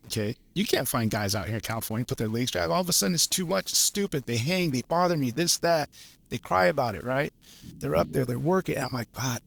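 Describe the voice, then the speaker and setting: Gravelly guy about fifty, lineman on a podcast, blunt and swears a lot. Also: mid-range voice. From Los Angeles area. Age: 50s. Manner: blunt, profane, animated storyteller. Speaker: podcast guest, journeyman lineman. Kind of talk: casual storytelling chat.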